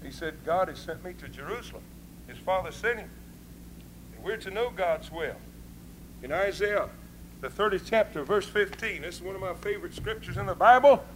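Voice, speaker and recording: A man preaching a sermon with folksy, informal grammar, swinging between hushed talk and fervent shouting. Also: sits high, expressive, normal speed, poor audio.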